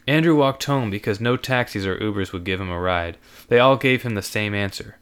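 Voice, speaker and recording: A man narrating a story aloud in an animated reading. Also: fairly low pitch, fairly quick, few pauses, clean tone.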